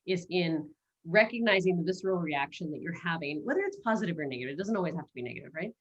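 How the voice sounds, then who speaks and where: A woman's voice: fairly low pitch, animated, quick pace, highs cut off. A middle-aged woman hosting a webinar, coaching in a casual, playful way and slipping into quoted self-talk, speaking over a video call.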